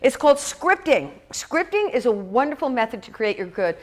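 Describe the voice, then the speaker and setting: A middle-aged woman minister giving a sermon in a lively, chatty way, with asides and quick laughs. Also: on the high side. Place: church hall.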